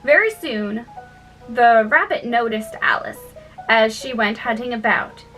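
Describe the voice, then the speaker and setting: A woman slowly reading a children's classic aloud as narrator, recorded from a distance with faint music behind. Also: fairly high pitch, expressive, pushed and bright. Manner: slow, deliberate reading. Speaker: audiobook reader. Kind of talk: storybook narration.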